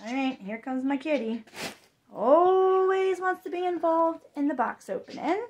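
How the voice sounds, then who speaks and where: Gushing high-voiced woman unboxing. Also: a little slow, lo-fi sound. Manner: gushing, excited exclamations. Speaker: vlogger. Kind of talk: unboxing chat.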